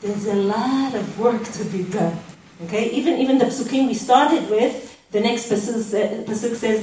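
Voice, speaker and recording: A woman's voice: fairly high pitch, moderate pace, warm tone. A woman gives a conversational Torah lecture, often checking in with "okay?". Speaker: Torah teacher. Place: large echoey hall. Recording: echoey hall, distant mic, faint noise.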